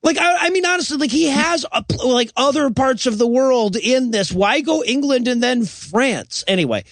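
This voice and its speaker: A man's voice: extremely high pitch, lively intonation, normal speed, a bit bright, dry recording, clean studio sound. A man co-hosting a comedy podcast, recapping a film in a sarcastic, rambling way with many restarts. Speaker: podcast co-host. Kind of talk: casual comedic podcast chat.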